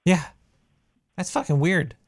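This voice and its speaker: A man's voice: high-pitched, very animated, slow pace, dry recording, clean studio sound, full character voice. A man voicing a paranoid cartoon rat who hosts a call-in show, quizzing his caller with odd questions. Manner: curious, keeps firing questions. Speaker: show host. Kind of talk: comedic call-in chat.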